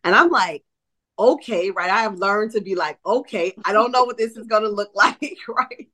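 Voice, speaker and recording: A middle-aged woman from New Orleans, a psychic medium and author, speaks in a mid-range voice at a moderate pace. Appearing as a guest in a conversational interview, she tells stories with animation, acting out quoted dialogue and frequently checking in with "right?"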